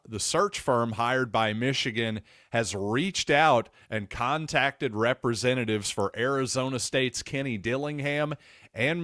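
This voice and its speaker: A man's voice: medium pitch, a bit bright, dry recording, studio quality. A man hosting a sports podcast, talking casually in a wry, digressive, self-deprecating way. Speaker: podcast host.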